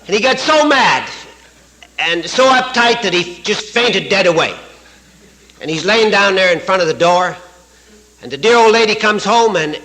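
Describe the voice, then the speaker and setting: A man from Canada spins folksy jokes and stories at a recovery retreat, often chuckling along. His voice is bright and forceful, sitting a little high for a man, and the talk comes from an old archival recording. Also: animated, moderate pace, pauses often, poor audio. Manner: folksy joke-telling, chuckling at own stories. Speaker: AA speaker.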